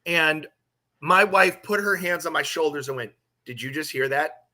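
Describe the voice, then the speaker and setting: A man's voice: on the high side, normal speed, sharp tone. A man casually telling a personal story on a live stream, swearing and acting out quotes.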